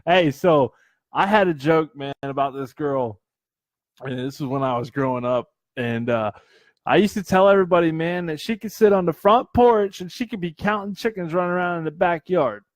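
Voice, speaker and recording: A man co-hosting a casual comedy podcast, telling animated stories, swearing a lot and laughing often. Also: fairly high pitch, moderate pace, dry recording. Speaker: podcast co-host.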